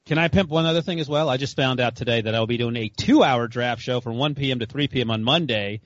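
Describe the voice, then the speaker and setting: A man's voice: mid-range voice, fast talker, dry recording, muffled recording. A man co-hosting a sports podcast who teases the others and sounds exasperated. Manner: teasing, exasperated. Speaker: podcast co-host. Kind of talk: casual sports podcast chat.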